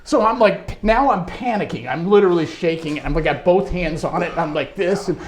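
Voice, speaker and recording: A man being interviewed, telling a long anecdote about his music career in a lively way, laughing often. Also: sits high, fairly quick, a little hiss or hum. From United States. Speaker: interview guest, trombonist. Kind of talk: storytelling in casual interview.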